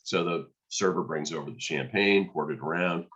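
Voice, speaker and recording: A man, a podcast guest, telling a lively story and acting out the dialogue. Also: rumbling low, moderate pace, muffled recording. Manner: animated storyteller, acts out quoted dialogue. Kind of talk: storytelling in conversation.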